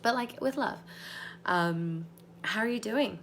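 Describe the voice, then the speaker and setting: A woman's voice: medium pitch, lively intonation, slow, a bit bright, a little hiss or hum. A woman life coach talking viewers through a guided visualization and chatting with them live. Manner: bubbly, laughs often with viewers.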